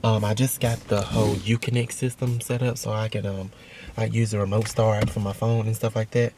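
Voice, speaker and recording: A young man talks to his camera outdoors near a highway, loose and rambling, full of ums and false starts. His pace is brisk, and steady noise from the road sits under his voice. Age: young adult. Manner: rambling, with many ums and restarts. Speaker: vlogger. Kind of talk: casual vlog talk to camera.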